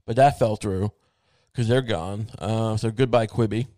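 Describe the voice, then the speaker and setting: A man's voice: lowish voice, measured pace, dark tone, dry recording, studio quality. A man hosting his show in a meandering, wry casual monologue, thinking aloud with many restarts. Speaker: show host.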